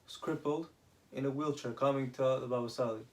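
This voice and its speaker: A man tells a religious story in a loose, conversational way, stopping and restarting sentences as he goes. His voice sits at an ordinary middle pitch. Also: steady tone, fast. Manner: retells with acted quoted dialogue and many restarts.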